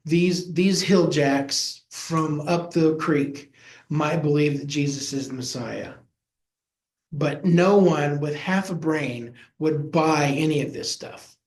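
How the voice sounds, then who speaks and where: Slow-talking pastor in an echoey room. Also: male voice, fairly high pitch, darkish tone. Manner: folksy, acts out quoted voices. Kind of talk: Bible study teaching.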